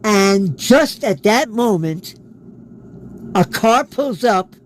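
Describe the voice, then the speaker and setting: A man's voice: high-pitched, animated, slow, slight background noise, low-quality recording. A man, an interview guest, telling a personal story in a casual way and acting out the quoted dialogue. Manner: acts out quoted dialogue in his stories.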